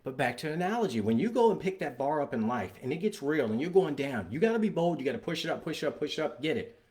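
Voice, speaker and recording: A man, a father, giving an energetic and emphatic motivational talk about fitness and getting unstuck. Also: fairly high pitch, fast. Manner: energetic, emphatic, acts out scenes in voices.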